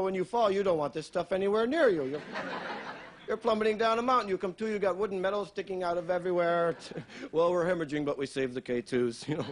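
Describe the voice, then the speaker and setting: A man performing a stand-up routine on a TV stage, telling dark jokes in a dry, offhand way and tagging lines with "you know.". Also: sits high. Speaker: stand-up comedian. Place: television studio stage with a live audience. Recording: 1980s TV broadcast with audience laughter.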